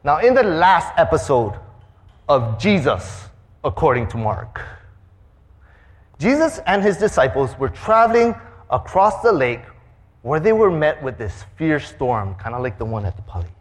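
Pastor guy telling a story, lively up and down voice, does the sound effects himself. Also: on the high side, a little slow. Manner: animated, acts out sounds and voices. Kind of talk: storytelling sermon.

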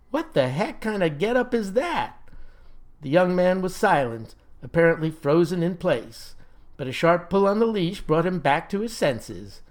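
A man narrating a comic story in a folksy, deadpan manner. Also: fairly high pitch.

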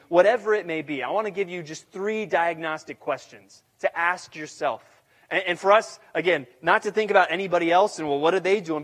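A man's voice: on the high side, fairly bright tone. A man, a pastor, preaching an earnest, conversational sermon and repeating his key questions. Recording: long hall reverb.

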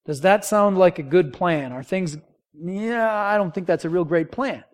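A man's voice: high-pitched, measured pace. A man preaching a sermon, conversational, asking the congregation rhetorical questions and drawing call-and-response. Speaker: pastor.

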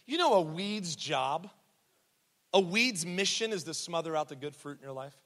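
A man's voice: high voice, moderate pace, sharp tone. A young man preaching a sermon in a church, telling a story in a casual, joking way with asides to the crowd. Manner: conversational storytelling with laughs and asides. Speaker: pastor. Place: church sanctuary. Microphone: handheld or headset mic. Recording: long hall reverb in a church.

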